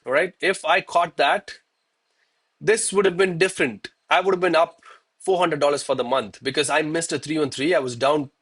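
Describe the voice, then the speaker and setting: A man's voice: fairly high pitch, fairly bright tone, breathy edge. A man from South India, commenting live on his trades and scolding himself in a casual, exasperated way. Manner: self-critical and exasperated, peppers talk with "bro" and "man". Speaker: live-streaming gold trader. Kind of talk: live trading stream commentary.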